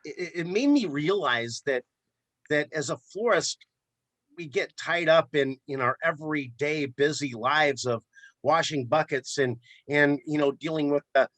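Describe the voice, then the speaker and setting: Florist guy telling a story, bright punchy voice, kinda high, dry close sound. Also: unhurried, no room sound. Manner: animated storyteller who repeats words as he goes. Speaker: florist and shop owner. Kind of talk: casual storytelling in a podcast interview.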